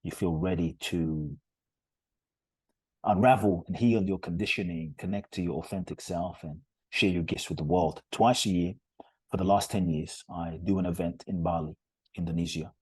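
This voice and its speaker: Low husky-voiced man telling a story. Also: steady tone, normal speed, a little mellow, dry recording. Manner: earnest, emphatic, heartfelt. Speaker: podcast guest, author and retreat leader. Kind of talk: conversational storytelling interview.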